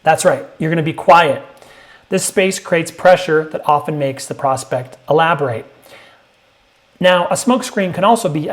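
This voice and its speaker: Emphatic man coaching on sales. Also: normal speed. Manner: emphatic, punchy, acts out prospect lines in a higher voice. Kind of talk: direct-to-camera sales lesson.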